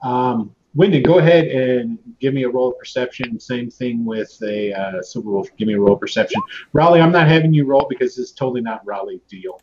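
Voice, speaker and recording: A man's voice: medium pitch, fairly quick. A man narrating as game master of a tabletop game, casual and rambling with lots of fillers and restarts. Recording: muffled lo-fi audio with clear background noise.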